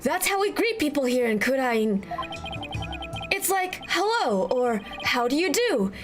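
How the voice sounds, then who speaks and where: A woman's voice: high voice, very animated, a little slow. A woman voicing a polite young male monk in training who acts as a guide, reading game lines in a formal, courteous way. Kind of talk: reading game dialogue aloud. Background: game music.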